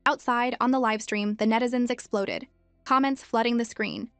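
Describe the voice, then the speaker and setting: A woman with a somewhat high voice reads a story recap as scripted narration. Her delivery is even and steady. The recording is dry and close, with faint music running underneath. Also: moderate pace, no room sound.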